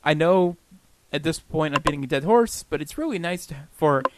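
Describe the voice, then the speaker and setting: A man's voice: fairly high pitch, expressive, normal speed, background noise. A man co-hosting a casual podcast chat, laughing often and poking fun at himself. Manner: laughs often, self-deprecating. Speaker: podcast co-host.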